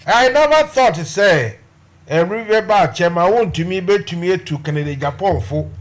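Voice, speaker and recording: A man hosting a night-time talk radio show in a relaxed, hesitant way. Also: high-pitched, normal speed.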